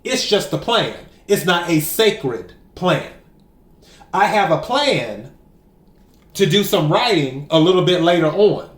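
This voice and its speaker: A man with a high voice gives an oracle card reading straight to the camera, taking his time over every word. He leans on key phrases and says them again for emphasis. The sound has the echo of a bare room at home. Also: sing-song, slow. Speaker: tarot and oracle card reader.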